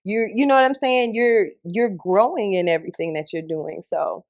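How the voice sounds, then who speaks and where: Animated Atlanta radio host telling stories. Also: female voice, medium pitch, normal speed, lo-fi sound. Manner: animated storyteller, acts out quotes. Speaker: radio host, podcast guest. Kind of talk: casual interview chat.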